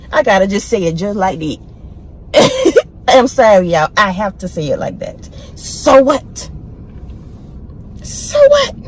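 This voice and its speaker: Bold motivational speaker, woman, high voice, emphatic and repetitive. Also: a little mellow, low-quality recording. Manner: bold, emphatic, repeats phrases. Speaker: inspirational speaker. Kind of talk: preachy motivational monologue.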